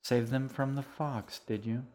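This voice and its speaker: A man's voice: medium pitch, steady tone, measured pace, darkish tone, close to an everyday voice. A man voicing a menacing, falsely smiling man who coaxes and threatens a boy in an audiobook reading. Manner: cold, coaxing, threatening.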